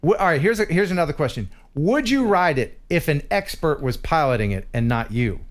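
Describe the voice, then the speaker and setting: Slightly high american guy hosting a live stream, jokey, reading out the chat. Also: expressive, fairly quick. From United States. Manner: jokey, teasing, reads chat messages aloud. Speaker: host.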